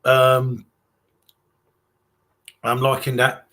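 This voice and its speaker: A man's voice: mid-range voice, completely flat delivery, extremely slow, a bit bright. A man with an English accent hosting a live stream, chatting casually and reading out viewer comments, calling everyone mate. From England. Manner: chatty, reads viewer comments aloud, calls people mate.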